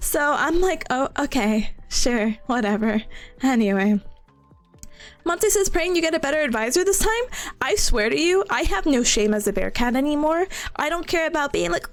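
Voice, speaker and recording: A young woman streaming and chatting casually with her viewers, animated and quick to laugh at herself. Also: high voice, faint music behind. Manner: animated, laughs often, self-mocking. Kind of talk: casual chat with live chat.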